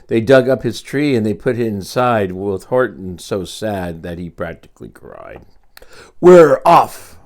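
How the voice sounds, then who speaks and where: An older man reading a picture book aloud to his grandchildren, expressive, with quiet asides to the children. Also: on the low side, moderate pace, gravelly. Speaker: storyteller.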